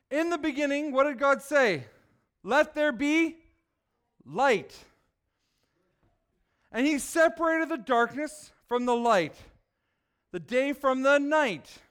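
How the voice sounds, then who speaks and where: A man preaching a lively sermon that asks the listeners questions. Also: extremely high pitch, smooth. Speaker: children's preacher.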